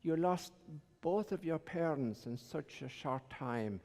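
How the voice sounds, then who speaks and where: A priest voicing a higher, sympathetic bar friend. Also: male voice, animated, slow pace, a little mellow, big-room sound.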